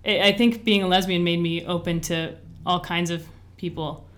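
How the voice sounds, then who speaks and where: A woman's voice: fairly low pitch, steady tone, moderate pace, fairly bright tone. Chatty young woman telling her story. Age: 20s. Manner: chatty, lots of "like" and "you know", laughs often. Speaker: interview guest. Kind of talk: candid personal storytelling.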